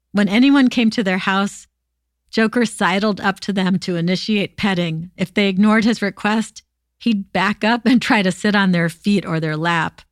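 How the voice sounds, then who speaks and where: A woman hosting a podcast, reading true stories aloud in a steady, expressive way. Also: lowish voice, dry recording, clean studio sound. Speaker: podcast host.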